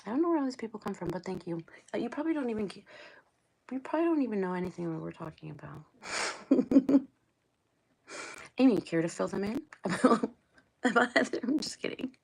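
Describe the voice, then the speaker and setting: A woman's voice: medium pitch, lively intonation, brisk, creaky, long pauses, slightly rough. A middle-aged woman from Ohio hosting a casual livestream, rambling and chatting back to viewers' comments. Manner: chatty, rambling, laughs often, talks back to the chat. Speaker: livestream host.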